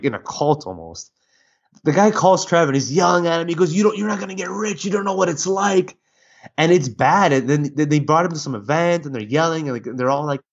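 Man, podcast guest, animated storyteller, dull lo-fi recording. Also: medium pitch. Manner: animated storytelling with many restarts. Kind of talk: casual chat. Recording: dull lo-fi audio.

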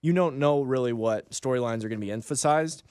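A man's voice: mid-range voice, brisk, a little mellow, clean tone, no echo. Dry-sounding man in casual chat. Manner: rambling, enthusiastic explainer. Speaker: podcast co-host.

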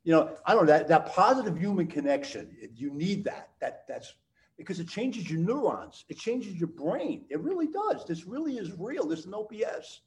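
An older man in his sixties, chatting as a guest on a podcast. He rambles with eager enthusiasm and repeats key words again and again for emphasis. His voice sits a little high for a man. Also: sing-song, normal speed, low-quality recording. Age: 60s. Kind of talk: casual interview chat.

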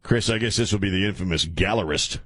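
A man's voice: low-pitched, fast talker, fairly bright tone, no echo, clean studio sound. A man hosting a talk radio show, rambling and joking with frequent laughs and filler stumbles. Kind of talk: casual talk radio monologue.

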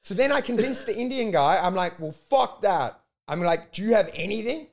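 Profane man telling animated stories. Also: sits high, normal speed, vocal fry. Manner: profane, animated storytelling with acted-out quotes. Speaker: comedian. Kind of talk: casual storytelling chat.

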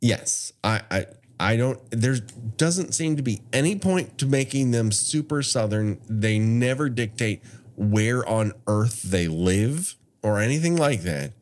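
A podcast co-host with a mid-range voice casually recaps a horror film, summarizing the plot at an unhurried pace. He is animated and laughs often throughout the chat.

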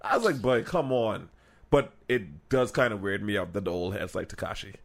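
A man co-hosting a podcast in loose, animated chat. He laughs easily and jumps into voices to act out what other people said. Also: fairly low pitch, a little fast. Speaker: podcast co-host.

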